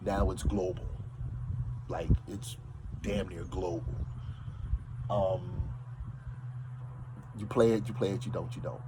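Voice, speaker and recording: A man's voice: sits low, fairly even intonation, takes it slowly, pauses often, noisy background. A man with a New York accent talking casually and emphatically to his audience, often repeating himself. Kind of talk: casual monologue.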